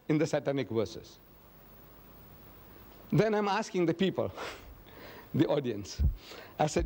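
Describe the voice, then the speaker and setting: A man gives a public lecture and takes questions from the audience. His voice sits a little high for a man. He tells stories with emphasis and acts out the quoted dialogue. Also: very animated, measured pace, pauses often, darkish tone.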